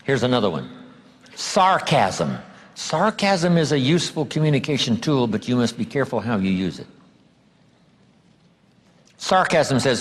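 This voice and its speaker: A man giving a motivational seminar lecture, emphatic and drawing out key words slowly. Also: medium pitch, big pitch swings, slightly rough. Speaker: seminar speaker. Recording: long hall reverb.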